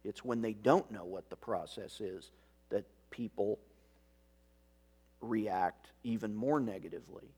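A man's voice: lowish voice, darkish tone, slightly rough. Man preaching a reflective sermon. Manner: measured, reflective preaching with rhetorical questions; dry, self-aware asides. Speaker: pastor.

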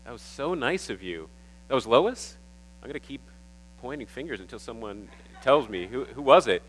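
A man preaching a sermon to his church, warm and emotional, often stumbling and repeating words. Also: medium pitch, lively intonation, normal speed, rough recording. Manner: warm, emotional, getting teary at times. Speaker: pastor.

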